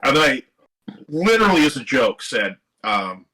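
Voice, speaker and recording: Animated, bright-voiced man telling a story. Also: mid-range voice, normal speed, low-quality recording. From Seattle area. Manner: animated, swearing, quotes others in lively voices. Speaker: guest musician. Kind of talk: casual storytelling interview. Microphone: live stream microphone.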